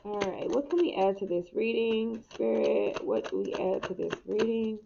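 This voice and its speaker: A woman's voice: mid-range voice, sing-song, normal speed, creaky. A young adult woman giving a casual spiritual tarot reading, candid and laughing often, with occasional swearing. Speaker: tarot reader. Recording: muffled mic with noticeable hiss.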